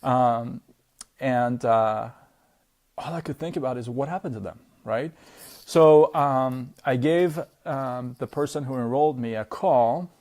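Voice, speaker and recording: A man's voice: mid-range voice, a little slow, darkish tone. A man telling a personal story to camera in a loose, chatty way, full of fillers and tag questions. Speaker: vlogger.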